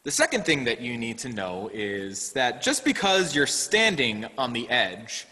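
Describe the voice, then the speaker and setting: Guy giving a sermon, slow and bright, earnest storyteller, long reverb like a big hall. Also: mid-range voice, very animated. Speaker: director of lifespan faith development.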